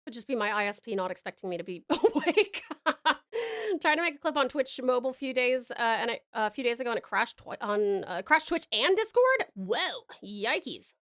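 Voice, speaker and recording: A woman's voice: a little high, animated, a little fast. A young Australian woman with an Australian accent, chatting casually on a live stream, reading chat aloud and laughing often.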